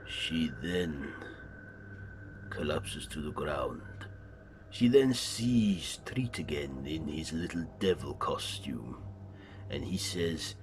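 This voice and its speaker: A man hosting a horror channel, retelling a film's plot in plain, steady storytelling. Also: rumbling low, takes it slowly, background noise.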